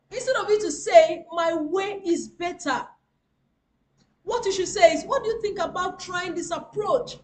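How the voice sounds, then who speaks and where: A woman giving a webinar lesson, emphatic and repeating her key phrases as she speaks straight to her audience. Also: very high-pitched. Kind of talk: motivational webinar lecture. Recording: roomy echo.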